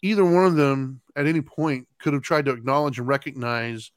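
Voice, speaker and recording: Middle-aged male co-host, chatty and animated, acts out quotes, dry recording. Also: mid-range voice, brisk, clean tone, no room sound. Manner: animated, laughs while telling, acts out his kids' lines. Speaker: podcast co-host. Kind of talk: casual storytelling chat.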